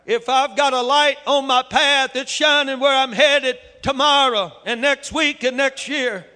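A man preaching a sermon with fervor, his voice building up to shouts. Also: extremely high pitch, fairly even intonation, unhurried. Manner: fervent, rising to shouts. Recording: echoey hall with long reverb.

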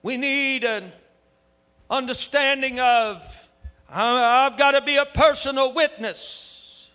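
A man preaching a sermon with fervor, his voice building up to shouts. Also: extremely high pitch, slow, clean tone. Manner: fervent, rising to shouts. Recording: echoey hall with long reverb.

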